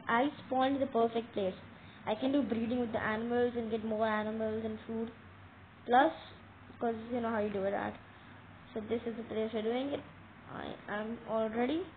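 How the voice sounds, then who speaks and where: A woman giving casual game commentary, talking straight to viewers with excitable, dramatic alarm. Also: a little high. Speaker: gameplay commentator. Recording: tinny phone-like audio with faint noise.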